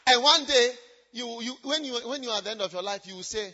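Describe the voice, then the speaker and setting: A woman preacher delivering an emphatic sermon, repeating herself, swinging between loud shouted lines and hushed asides. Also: on the high side, quick pace, highs cut off.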